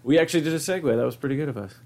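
A man's voice: very fast, vocal fry, a little mellow. Profane laid-back young man, chatting. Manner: swears freely, acts out quotes in high silly voices. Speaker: podcast co-host. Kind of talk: casual chat.

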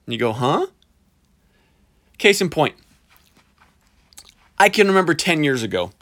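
A man delivering a sarcastic, animated ranting commentary, stretching words for emphasis and mocking with hyperbole. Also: a little high, moderate pace. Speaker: podcast commentator.

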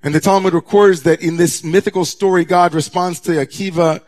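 A man, a rabbi, preaching a sermon to his congregation, moving from hushed near-whispers to raised, intense passages. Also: high voice, steady tone, brisk, hardly any pauses. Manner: dramatic, swings from hushed to raised voice.

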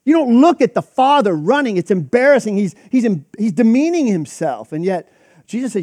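A man's voice: high voice, very animated, fairly quick, dark tone, no room sound, clean studio sound. A man preaching a sermon in a conversational, emphatic way, acting out quoted reactions. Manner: conversational, emphatic, with frequent restarts and quoted asides.

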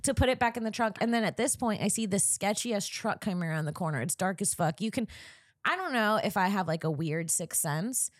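Animated woman telling a comedy story. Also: medium pitch, brisk, no room sound, clean studio sound. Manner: animated storyteller, acts out quotes, swears and laughs often. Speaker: comedian podcast co-host. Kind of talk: casual storytelling chat.

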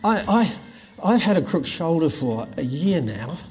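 A man's voice: on the high side, very animated, unhurried. An older man, preaching a sermon with folksy stories and jokes. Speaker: pastor. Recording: long reverb in a hall.

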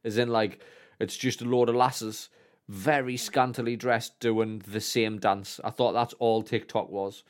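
A man's voice: fairly low pitch, fairly even intonation, a little slow. A man, co-hosting a podcast in casual, rambling, sweary chat and mocking himself as he goes. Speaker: podcast co-host.

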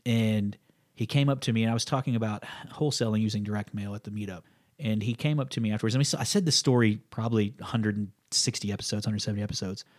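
A man in his thirties co-hosting a podcast in casual chat, an animated storyteller who acts out the people in his stories. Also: on the low side, fast. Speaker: podcast co-host.

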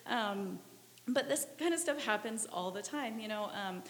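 Brief: woman, fairly high voice, lively and self-conscious, reverberant room. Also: measured pace. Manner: laughing, embarrassed, lively. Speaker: parent sharing a story. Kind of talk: casual storytelling.

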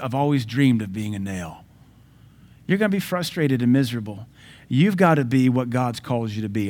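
A man delivers a sermon from the pulpit, his mid-pitched voice pressing each point hard. He swings between loud, insistent declarations and softer, drawn-out asides. It is plain church preaching, forceful and direct. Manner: emphatic preaching with sudden loud and soft swings. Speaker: pastor.

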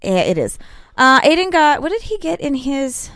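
Lively higher-voiced woman co-host. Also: normal speed, dry recording, clean studio sound. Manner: defensive, interjecting, playful. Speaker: podcast co-host. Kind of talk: casual chat.

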